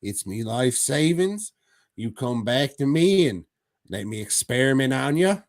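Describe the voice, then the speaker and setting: A man's voice: mid-range voice, big pitch swings, a little slow, no room sound, studio quality, voice pushed up. A man putting on a jokey cockney voice for a scheming mad doctor while retelling a horror episode. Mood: wheedling. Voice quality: mock cockney accent, chummy and pushy.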